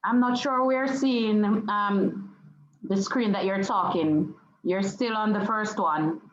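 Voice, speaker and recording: A woman's voice: mid-range voice, slow, echoey room, highs cut off, a little hiss or hum. A woman with a Jamaican accent, a student speaking politely and a little hesitantly in an online class.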